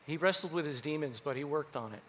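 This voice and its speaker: A man giving a keynote talk, telling stories in an animated way. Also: on the high side, quick pace, a little hiss or hum. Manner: animated, acts out quoted voices. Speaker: keynote speaker. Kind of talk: keynote storytelling. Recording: long hall reverb.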